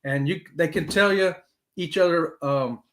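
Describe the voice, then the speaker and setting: A man's voice: measured pace, a little hiss or hum. A middle-aged man, hosting a casual live-stream chat and talking straight to his viewers. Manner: animated, talks straight to viewers with "y'all", swoops high for emphasis. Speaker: host of a live cruise chat show.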